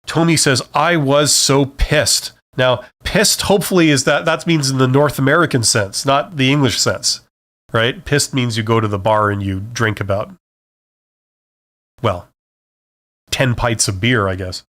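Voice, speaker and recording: A man's voice: mid-range voice, unhurried, fairly bright tone. A middle-aged man giving frank career advice on a casual live stream, ranting a little and checking in with "okay?" and "right?".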